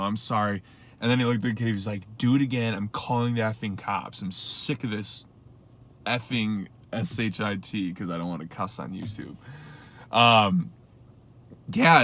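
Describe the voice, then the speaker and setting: A young man with a bright, forceful voice recounts a story in a loose, rambling way. He piles on fillers and acts out quoted asides as he talks to his viewers. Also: medium pitch. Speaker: rideshare driver vlogger. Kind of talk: casual storytelling to camera.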